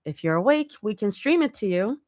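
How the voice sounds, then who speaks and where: A woman's voice: medium pitch, big pitch swings, fairly quick, a little mellow, dry recording, clean studio sound, voice pushed up, lightly acted. A woman voicing a sweet, slightly tired young woman in a fanfic reading. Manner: sweet, a bit shy.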